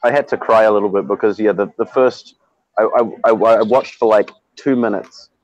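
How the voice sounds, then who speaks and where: A man on an online panel speaking in an exasperated, emphatic, halting way. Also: lowish voice, fairly even intonation, muffled recording. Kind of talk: casual online panel chat.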